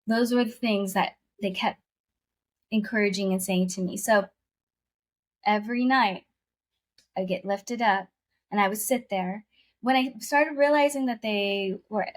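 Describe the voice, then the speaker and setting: A woman's voice: medium pitch, fairly even intonation, measured pace. Earnest woman telling a personal story. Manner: earnest, repeats phrases, emotional storytelling. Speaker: guest. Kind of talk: personal testimony in conversation.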